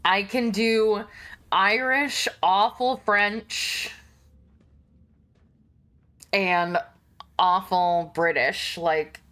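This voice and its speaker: A woman's voice: mid-range voice, extremely slow, pauses often, a bit bright. A woman streamer chatting casually, laughing often and swearing, as she reads game text aloud.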